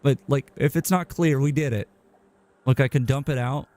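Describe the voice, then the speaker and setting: A man streaming a game live, chatting casually in a rambling, halting way. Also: medium pitch, warm tone. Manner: rambling, halting, with many restarts and fillers.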